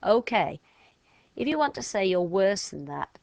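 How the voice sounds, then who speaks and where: A woman patiently teaches a children's French phonics lesson one step at a time, modelling each sound aloud and stretching out the words slowly. Her voice is lowish, expressive and gravelly, with no room sound.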